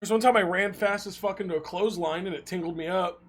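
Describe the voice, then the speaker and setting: High, bright-voiced young streamer man. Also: fast talker. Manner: animated, swearing, laughing often. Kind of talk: casual storytelling to chat.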